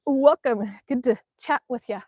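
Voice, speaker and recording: A woman's voice: high-pitched, measured pace, a little mellow, dry recording. A woman chatting casually on a live stream outdoors in winter, rambling with many ums as she reads the chat. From Alaska. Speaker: vlogger reading live chat. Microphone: phone camera.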